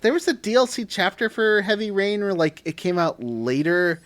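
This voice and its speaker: A man's voice: high voice, very animated, moderate pace, fairly bright tone. A man co-hosting a casual gaming podcast, rambling with lots of "like" and restarts. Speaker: podcast co-host.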